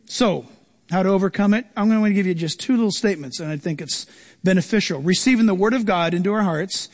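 A man's voice: high-pitched, quick pace, in a large hall. A man preaching a sermon, reading scripture and acting out the voices of the people in it. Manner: animated, acts out quoted voices.

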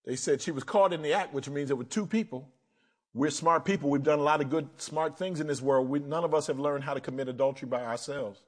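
A man preaching a sermon as pastor, animated, swinging between loud emphasis and quiet asides. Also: fairly high pitch, fast.

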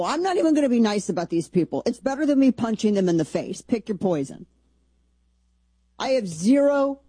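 A woman's voice: mid-range voice, dark tone, slightly rough, no echo. A woman hosting a talk radio show, blunt and sarcastic, arguing her opinions in a combative way.

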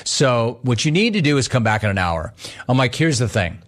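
A man on the radio telling a casual story, acting out the people in it with lively swings in his voice. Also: medium pitch, normal speed. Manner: animated, acts out both sides of the story. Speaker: radio host.

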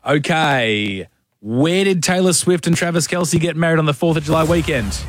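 A man's voice: on the high side, moderate pace, faint music behind. A man hosting breakfast radio and running a quiz, ribbing his co-host in a dry, exasperated way. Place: radio studio.

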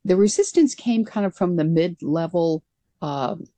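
A woman's voice: lowish voice, expressive, measured pace, warm tone, no echo. A woman guest being interviewed about her years as a pilot, speaking earnestly and conversationally with frequent restarts. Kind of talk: conversational storytelling.

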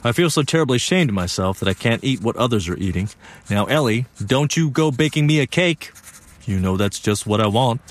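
A young actor narrating a one-man stage play as an earnest young man, telling the story in a lively, wry way. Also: mid-range voice, fairly quick, a little hiss or hum, close to an everyday voice.

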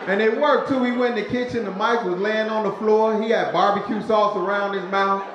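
Male club comic with a slightly high voice and a laid-back, punchy delivery; live stage mic in a very echoey room. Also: steady tone, fairly quick, dull audio. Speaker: stand-up comedian. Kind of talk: stand-up comedy set. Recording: very echoey live venue with crowd noise.

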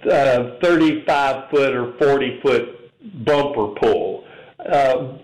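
A man hosting a casual interview, curious and hesitant, pausing on many fillers as he asks his questions. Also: mid-range voice, darkish tone. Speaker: interview host. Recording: echoey room.

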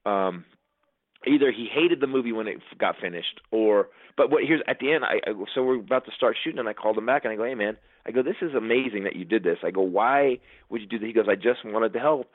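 Fast-talking comedian, tinny phone-like sound. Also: male voice, fairly low pitch, dry recording. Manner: fast, animated storytelling with many restarts. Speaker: comedian and filmmaker. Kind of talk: casual storytelling chat. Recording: dry, phone-like narrow sound.

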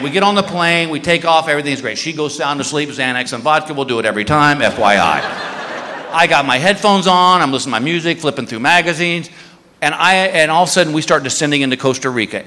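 Animated stand-up comic in a big hall. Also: male voice, on the high side, fairly quick, slight background noise. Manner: animated, acts out voices in his stories. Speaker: stand-up comedian. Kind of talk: stand-up storytelling. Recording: live stage recording with long hall reverb.

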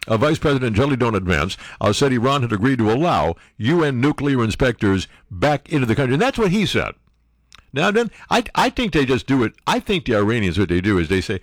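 Older male commentator, sarcastic and mocking, very lively pitch that leaps into silly voices, dry close sound. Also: fast, no echo. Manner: mocking, acts out silly voices for quoted people. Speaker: political commentary host.

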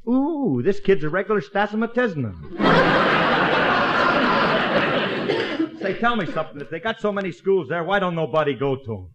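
A cocky joking bandleader husband, bouncy sing-song delivery, old hissy radio sound. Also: male voice, sits high, very animated, a little slow, pauses often. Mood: wisecracking. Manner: wisecracking, boastful. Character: boastful wisecracking bandleader husband, grown man. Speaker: radio comedy lead. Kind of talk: 1940s radio comedy acting. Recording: muffled old radio broadcast with hiss. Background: studio audience laughter.

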